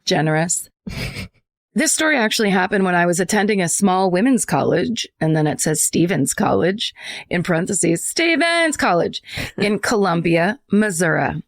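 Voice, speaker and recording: A woman's voice: lowish voice, normal speed. A woman co-hosting a podcast in casual chat, reading a listener's letter aloud with joking asides and frequent laughs. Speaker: podcast co-host.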